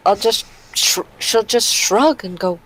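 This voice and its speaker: A player in a tabletop game, hesitant and soft-spoken as they choose their moves. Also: medium pitch, unhurried, rough recording.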